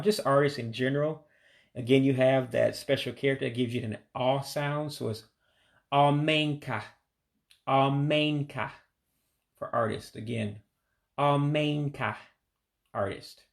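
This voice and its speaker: A man leads a patient pronunciation lesson, saying each word slowly several times. His voice has a gravelly, creaky edge and sits at an ordinary pitch. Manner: patient, repeats words slowly. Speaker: language learner teaching vocabulary.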